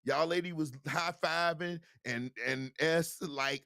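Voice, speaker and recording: A man's voice: sits high, measured pace, few pauses, dry recording, clean studio sound. A man hosting a video show, talking casually and straight to his viewers. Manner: animated, talks straight to viewers. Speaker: show host.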